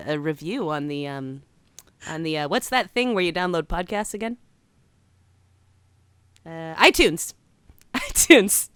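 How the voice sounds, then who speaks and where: A woman's voice: on the low side, fairly bright tone, clear, resonant tone, dry recording. A woman co-hosting a casual podcast, chatty and giggly as she chats with her co-host. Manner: chatty and giggly, reading a listener letter aloud. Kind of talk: casual chat.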